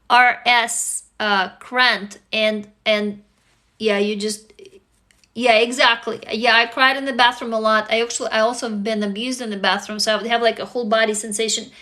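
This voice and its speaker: A woman's voice: fairly high pitch, bright, forceful tone. A tired woman hosting a casual livestream, talking candidly with viewers, swearing freely and tossing them rhetorical questions. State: tired, sleepy. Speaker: livestream host answering viewers.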